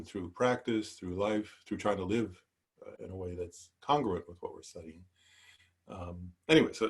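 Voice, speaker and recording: A man's voice: fairly low pitch, breathy edge. A man teaching an online Buddhist class, hesitant, with many fillers, asides and "right?". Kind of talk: online dharma class lecture.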